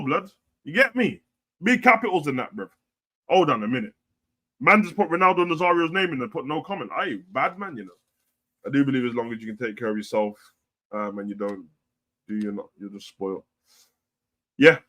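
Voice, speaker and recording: A man hosting a casual live stream, reading out chat comments in a blunt, profane, heavy way. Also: mid-range voice. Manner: blunt, profane, slangy, swings between loud and quiet.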